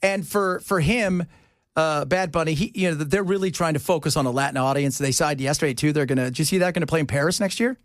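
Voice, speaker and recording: A man's voice: fairly high pitch, quick pace, no echo, clean studio sound. A man hosting a radio talk show, joking and teasing his co-hosts in casual on-air banter and acting out the voices of people he quotes. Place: radio studio.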